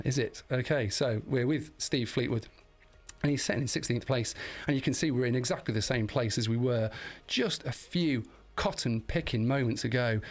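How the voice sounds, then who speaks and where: A man giving live commentary on a virtual cycling race, chatty and talking to viewers in the chat, climbing into excited shouts in the sprints. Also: medium pitch.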